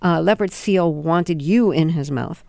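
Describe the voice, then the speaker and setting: A woman interviewer asking measured, probing follow-up questions. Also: deep voice, vocal fry, a little mellow, no room sound, studio quality.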